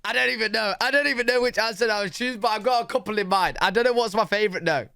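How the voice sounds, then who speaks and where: A British man hosting a reaction video, talking in a chatty, animated way and often saying "bro". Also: high-pitched, rapid-fire, creaky, smooth, dry recording, clean studio sound. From United Kingdom. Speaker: reaction channel host. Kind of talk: casual reaction commentary.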